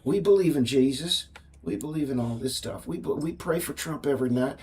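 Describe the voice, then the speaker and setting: A man voicing a whiny, pleading caricature of a Southern American man, in a high, breathy, half-whispered voice with a Southern accent. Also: fairly quick, a little mellow, distant mic, slight background noise, close to an everyday voice. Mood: whining. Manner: whining and pleading.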